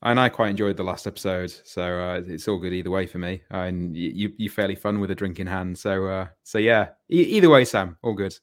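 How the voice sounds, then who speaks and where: Low-voiced, wry man on a podcast. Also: a little fast, few pauses, no room sound, studio quality. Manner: wry, teasing. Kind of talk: casual podcast chat.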